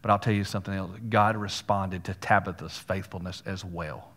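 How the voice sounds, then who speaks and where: A man's voice: deep voice, steady tone, moderate pace, fairly bright tone. A male pastor preaching a sermon, telling a story in a folksy way with casual asides to the congregation. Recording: long hall reverb.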